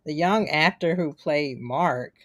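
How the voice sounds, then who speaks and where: A woman's voice: deep voice, slow pace, no room sound, studio quality. A woman co-hosting a podcast, chatting casually about a TV episode and acting out quoted lines as she retells scenes. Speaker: podcast co-host. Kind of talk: casual chat reviewing a TV episode.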